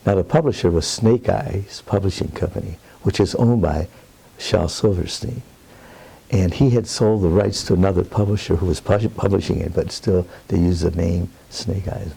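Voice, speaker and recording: Being interviewed, this older Roma advocate recounts something personal in an earnest, plainspoken manner, drifting into rambling asides. He talks at a normal speed in a deep, creaky, husky voice with a dark tone.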